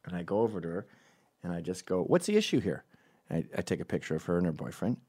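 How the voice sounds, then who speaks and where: A man's voice: low voice, fairly even intonation, fast, mellow, no room sound, studio quality. A middle-aged man hosting a comedic opinion monologue, sardonic and profane, often mocking people in put-on voices. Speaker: commentary show host.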